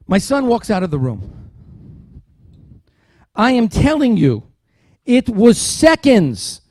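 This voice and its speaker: Taking it slowly in a high-pitched voice, a man gives a keynote speech at a dinner, animatedly telling a story with humorous asides and acting out quoted dialogue. The recording is clean studio sound with no room sound.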